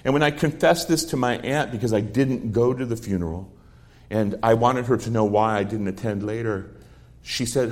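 A man's voice: medium pitch, moderate pace. Middle-aged guy preaching, earnest, tells stories, quotes people. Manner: earnest storytelling with quoted dialogue. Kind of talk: sermon.

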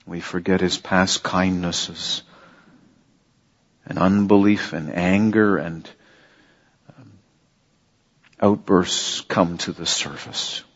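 Slow, husky-voiced preacher man. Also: lowish voice, expressive, in a large hall. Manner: earnest, repeats phrases for emphasis, rhetorical questions. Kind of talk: sermon. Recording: dull lo-fi sermon recording.

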